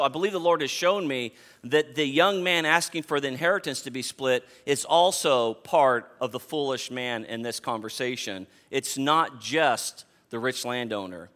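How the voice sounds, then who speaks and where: A man in his fifties preaching a sermon as pastor, emphatic and animated, repeating words as he builds a point. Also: mid-range voice. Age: 50s.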